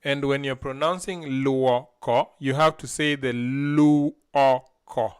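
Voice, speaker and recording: A man's voice: mid-range voice, steady tone, slow pace, clean tone. A man teaching vocabulary on a live stream, saying each word syllable by syllable and having a learner repeat after him. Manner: drills words syllable by syllable, then has the learner repeat. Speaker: language teacher.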